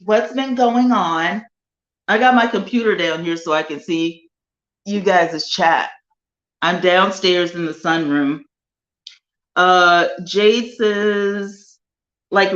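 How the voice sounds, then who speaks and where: A woman hosting a casual live chat with viewers from her home sunroom, animated and chatty with drawn-out emphasis. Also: fairly low pitch, echoey room, highs cut off. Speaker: livestream host.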